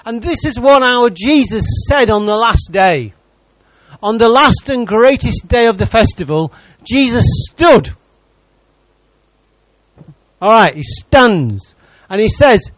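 Lively, high-pitched preacher. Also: male voice, a little slow, no echo, highs cut off. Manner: lively, teasing preacher who jokes with the congregation. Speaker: pastor. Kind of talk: sermon.

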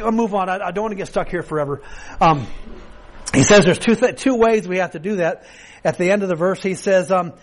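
A man delivers a sermon in an earnest, conversational way, his voice sitting a little high for a man. He often stumbles and restarts phrases, repeating words as he works through his point to the congregation. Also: low-quality recording. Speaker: pastor.

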